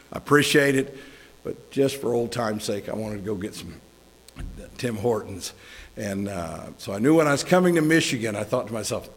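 A middle-aged man giving a conversational sermon as a guest preacher, folksy and joking with chuckling asides. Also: fairly low pitch. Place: church sanctuary. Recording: long hall reverb.

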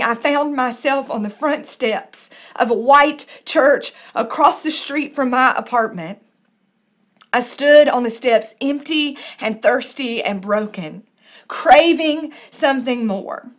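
A woman's voice: sits high, slow pace, fairly bright tone. A young adult woman pastor preaching a sermon, telling a personal story with earnest, repeated phrases.

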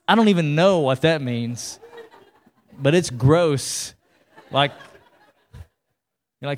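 A man preaching with a drawl and a slightly raised pitch. He speaks conversationally, often repeating himself and checking in with the congregation. His delivery is animated, like a pastor in full swing. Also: unhurried, pauses often. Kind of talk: sermon.

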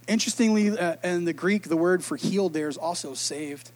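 A man's voice: high voice, steady tone, moderate pace, few pauses. A middle-aged man preaching a sermon, retelling scripture with playful jokes and asides. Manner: playful, joking storyteller. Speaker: pastor.

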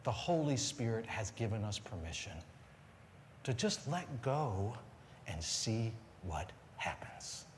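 Lively, expressive male pastor preaching. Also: on the low side, slow pace, a little hiss or hum. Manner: storytelling, swings from loud excited to quiet earnest. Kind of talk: sermon. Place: church sanctuary with live congregation.

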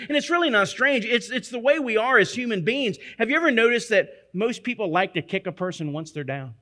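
A man preaches a sermon in a high, bright voice. He speaks earnestly and emphatically, doubling back on phrases to drive his point home. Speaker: pastor.

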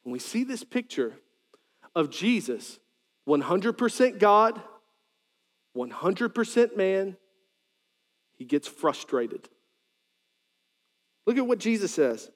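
High-voiced preacher in a reverberant hall. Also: male voice, takes it slowly, long pauses. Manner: animated, joking asides, rising to shouted quotes. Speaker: pastor. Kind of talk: sermon.

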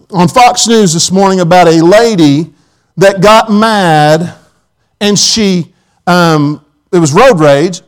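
Male preacher, high voice, folksy anecdotes, church sermon. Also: rough recording. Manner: folksy storytelling with quoted asides. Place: church auditorium.

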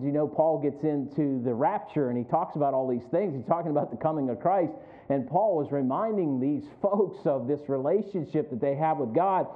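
A male pastor delivering a sermon in a high voice. He moves from reflective storytelling to fervent appeals and repeats key lines for emphasis. The sound is thin and narrow, as if over a phone line.

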